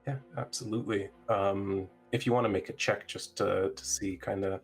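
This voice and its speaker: A man narrating as game master of a tabletop game, relaxed and full of fillers. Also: on the low side, moderate pace, gravelly, slightly rough, soft background music.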